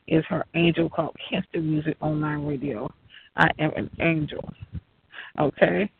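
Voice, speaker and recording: Raspy high-voiced man on a tinny line. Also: steady tone, moderate pace, a little hiss or hum. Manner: profane, rambling, laughs often. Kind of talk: rambling monologue. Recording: tinny phone-like line, dry.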